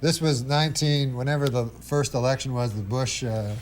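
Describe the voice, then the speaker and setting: A man telling a long, rambling anecdote as a comedy guest, full of halting restarts and dry asides. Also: medium pitch. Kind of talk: casual anecdote on a talk show.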